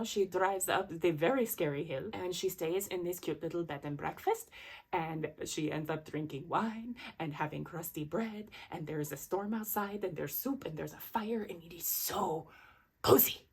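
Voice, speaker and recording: A woman book vlogger talks enthusiastically about books she's read in a casual review chat, rambling along with fillers and restarts. Her voice is lowish with a breathy edge, and she speaks at a moderate pace.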